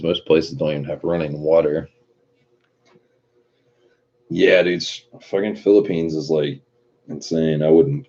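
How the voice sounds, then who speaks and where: A man with an extremely deep, dark voice chats in a loose, swearing, laid-back way, reading out chat messages. His tone is husky, and the recording sounds muffled and lo-fi. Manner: laid-back, profane, laughs often. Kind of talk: casual chat.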